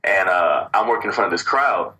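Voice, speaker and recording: A young man, a wrestler from Cleveland, telling stories in a casual interview with an animated, boastful trash-talking manner. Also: low voice, fairly quick, rough recording. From Cleveland, Ohio. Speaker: wrestler guest.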